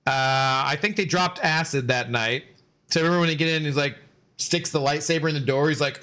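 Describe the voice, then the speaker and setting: A man's voice: a little high, fairly quick, pushed and bright. A man in his forties streaming a game and rambling through stories in casual chat, loose with fillers and swearing.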